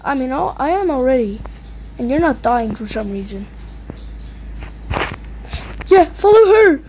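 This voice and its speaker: A young woman giving excitable, taunting commentary while playing a video game, yelping and squealing at the action. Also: a little fast. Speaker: gamer. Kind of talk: gameplay commentary. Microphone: low-quality mic. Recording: faint noisy low-quality mic.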